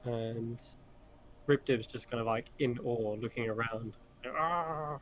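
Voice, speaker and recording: A man narrating a tabletop game as game master, describing scenes in an unhurried, descriptive way. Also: medium pitch, little pitch movement, slight background noise, rough recording.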